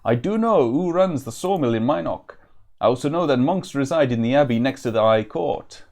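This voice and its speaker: A man's voice: medium pitch, fairly quick, natural voice. Guy doing a proud old-timey logger, vague country accent, polite and courtly. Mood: proud, courteous. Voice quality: vague put-on rustic accent. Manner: old-fashioned courtly speech, loud and steady.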